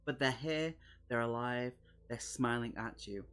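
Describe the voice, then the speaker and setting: A man's voice: medium pitch, measured pace, fairly bright tone, clear, resonant tone. A man streaming a live playthrough, reading a horror gamebook aloud and chatting jokily with his viewers between passages. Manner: chatty, jokey, talks to chat between passages. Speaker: streamer host.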